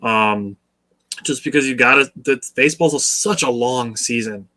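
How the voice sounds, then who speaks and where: A man with a mid-range voice co-hosts a casual sports podcast. He lays out his points in a measured, steady way and urges listeners to stay level-headed.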